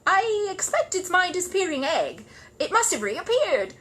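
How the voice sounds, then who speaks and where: A woman's voice: very high-pitched, big pitch swings, normal speed, fairly bright tone, voice pushed up, full character voice. Woman voicing a polite, earnest young bear. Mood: apologetic. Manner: hopeful and apologetic.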